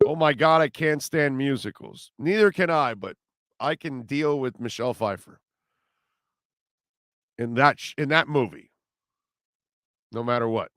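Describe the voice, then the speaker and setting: A man's voice: mid-range voice, measured pace, long pauses, a bit bright, no room sound, clean studio sound. A man hosting a sports radio show, rambling and joking loosely about old movies. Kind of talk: casual sports talk.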